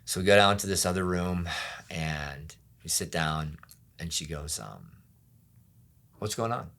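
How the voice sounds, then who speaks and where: A middle-aged pastor telling his own story in an interview, candid and often quiet, acting out the voices of people around him. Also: a bass voice, a little slow, vocal fry. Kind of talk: personal testimony interview.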